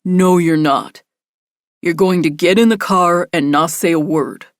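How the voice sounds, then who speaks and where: A woman voicing a calm, menacing man with a gun, speaking in an even, controlled tone. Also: fairly low pitch, measured pace, no room sound, studio quality, lightly acted. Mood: cold, calm.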